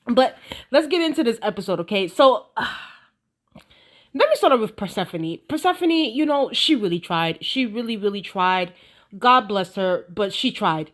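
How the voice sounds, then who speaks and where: Emphatic woman reviewing a show. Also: medium pitch. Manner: animated, emphatic, repeats "okay?" and "listen". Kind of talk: casual spoken review.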